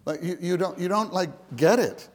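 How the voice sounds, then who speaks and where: A man giving an informal sermon to fellow believers, conversational and repetitive, swinging between loud emphasis and hushed, near-whispered words. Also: sits high, moderate pace. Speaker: church speaker.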